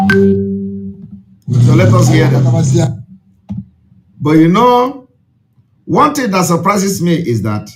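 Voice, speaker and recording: A man with a Nigerian accent, an Igbo speaker, delivers an impassioned address to his followers. He talks in a high voice that swings widely in pitch and drives points home by repeating them. The tone is emphatic and preaching throughout.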